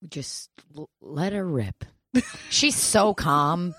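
Low-voiced woman telling crude stories. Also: extremely slow, no room sound, studio quality. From St. Louis area. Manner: profane, laughing, animated retelling. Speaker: guest storyteller. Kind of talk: crude comedic storytelling.

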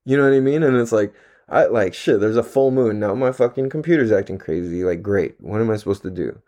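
A man's voice: fairly low pitch, fairly quick, warm tone. A man talking to the camera in a casual, rambling monologue, laid-back and full of profane slang, his throat a little dry. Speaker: vlogger.

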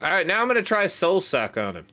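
Man, tabletop player, playful, lively swinging pitch, bright tense tone. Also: fast. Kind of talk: casual tabletop chat.

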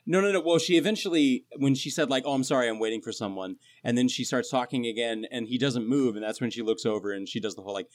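A man's voice: mid-range voice, fast talker, few pauses. A man chatting casually on a podcast. He rambles a little and retells scenes in detail. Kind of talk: casual chat.

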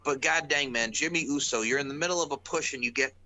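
Rambling exasperated man, bright tone. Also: medium pitch, fast, low-quality recording. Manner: rambling, exasperated, many restarts. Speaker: podcast co-host. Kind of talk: casual wrestling podcast chat.

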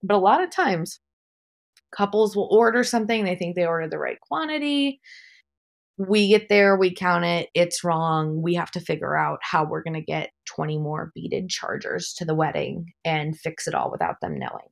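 Gravelly low-voiced woman podcast host. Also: moderate pace. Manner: calm, practical, advice-giving with light laughs. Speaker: wedding planner and podcast host. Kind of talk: solo podcast talk.

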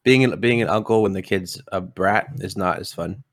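A young man, a father and podcast co-host, chatting casually in a relaxed, rambling way. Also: deep voice, moderate pace, dry recording, clean studio sound. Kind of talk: casual chat.

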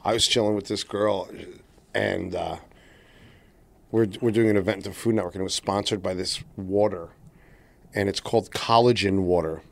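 A man's voice: sits low, fairly even intonation, moderate pace, gravelly. A man co-hosting a podcast in casual chat, rambling, swearing and laughing often. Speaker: podcast co-host.

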